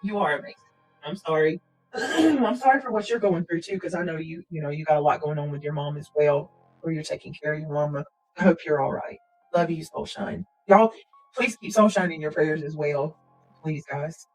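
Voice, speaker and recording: A woman hosting a casual livestream and talking directly to her viewers. She speaks earnestly and prayerfully, and she keeps clearing her throat and coughing. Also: deep voice, moderate pace, a little mellow, faint music behind, rough recording. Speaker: livestream host.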